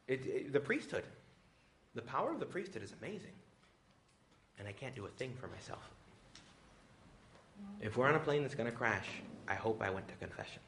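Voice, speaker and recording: A male priest giving a retreat talk, joking and acting out quoted voices with big pitch jumps. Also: expressive, quick pace, pushed and bright, a little hiss or hum. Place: retreat venue with a live audience.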